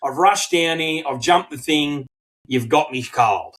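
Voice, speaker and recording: A middle-aged Australian man co-hosting a podcast, telling a story in casual chat, swearing freely and acting out quotes in animated bursts. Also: a little high, a little slow, poor audio. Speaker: podcast co-host.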